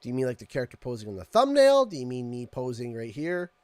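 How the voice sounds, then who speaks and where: A Canadian man chatting on a live stream in a dry, close sound with no room echo. His pitch leaps around as he jokes and grumbles playfully, taking questions from his desk mic. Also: fast. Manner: joking, animated, playful complaining. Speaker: streamer host. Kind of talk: casual live-stream chat. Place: home room with his 3D printer.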